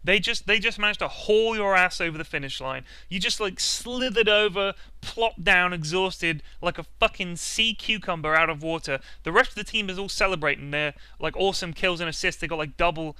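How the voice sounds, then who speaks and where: A man's voice: sits high, fairly quick, hardly any pauses, bright, forceful tone, clear, resonant tone, no echo. A young man hosting a comedic gaming rant, sarcastic and self-mocking. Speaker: video host.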